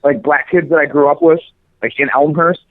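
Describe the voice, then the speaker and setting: A man co-hosting a casual podcast, telling animated stories full of swearing and mimicking other people's voices. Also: a little high, brisk, no room sound. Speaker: co-host. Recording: dry, phone-like audio.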